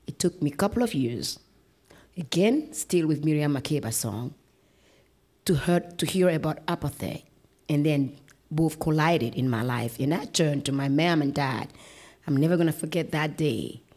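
Low-voiced woman singer telling stories. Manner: expressive, acts out family members' voices. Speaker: singer and interview guest. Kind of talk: personal storytelling in an interview.

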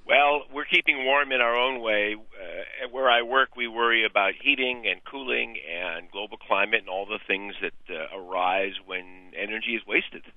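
A man's voice: fairly low pitch, normal speed, few pauses, no room sound. A man from the US West Coast calling in to a radio show, explaining his problem hesitantly with many fillers. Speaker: caller. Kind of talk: call-in radio chat. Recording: tinny phone line.

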